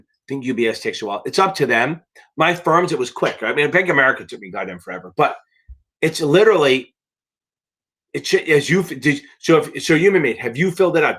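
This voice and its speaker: A man's voice: medium pitch, a bit bright. A man tutoring for a finance licensing exam on a live question-and-answer stream, talking bluntly and emphatically and swearing for emphasis.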